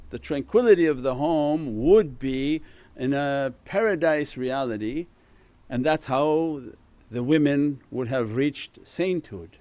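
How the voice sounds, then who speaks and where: A man's voice: mid-range voice, darkish tone, dry recording. Man, religious teacher, earnest sermon, dry close sound. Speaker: spiritual teacher. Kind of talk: religious talk.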